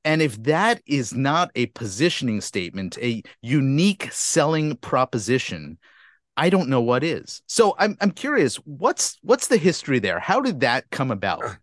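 In studio quality with no room sound, a marketing podcast host with a sing-song, mid-range voice interviews a guest at a moderate pace. The conversation is a casual chat, and he comes across as chatty and self-deprecating.

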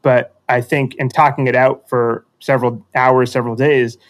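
A man's voice: medium pitch, level tone, normal speed. A man telling a metaphorical story in a casual conversation, reflective and self-deprecating, often restarting sentences.

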